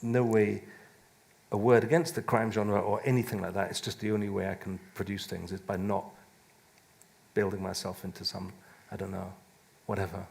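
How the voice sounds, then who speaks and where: Gravelly-voiced man rambling on a panel. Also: fairly low pitch, level tone, moderate pace, long pauses, a little mellow. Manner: rambling, self-interrupting, laughs often. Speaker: musician and author on a panel. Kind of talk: casual panel talk. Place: live event stage.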